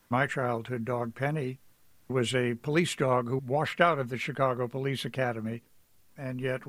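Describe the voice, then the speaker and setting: A man's voice: mid-range voice, no room sound. Reflective man telling stories on radio. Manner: reflective, anecdotal storytelling. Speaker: author guest. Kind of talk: radio interview.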